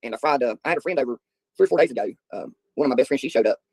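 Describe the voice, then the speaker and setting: A man's voice: mid-range voice, expressive, very fast, gravelly, a little mellow, dry recording, low-quality recording. A middle-aged man, hosting a livestream and chatting with viewers in a rambling, folksy way. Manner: rambling, folksy storytelling with filler ums. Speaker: livestream host. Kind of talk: casual chat answering viewers.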